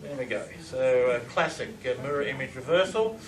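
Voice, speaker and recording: A man's voice: medium pitch, fairly quick, crowd noise. A middle-aged man giving a lecture, enthusiastically playing recordings and quizzing his audience. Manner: enthusiastic, asks audience questions. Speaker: lecturer on reverse speech. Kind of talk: recorded lecture with audio examples. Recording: echoey room, far from mic, faint hiss.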